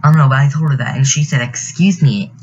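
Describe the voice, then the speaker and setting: This casual storytelling voiceover comes from a teen YouTuber narrating a speed build, telling an indignant, rambling tale over game video with lots of fillers. His mid-range voice stays steady in tone but rapid-fire, and the muffled recording carries a slight hiss or hum.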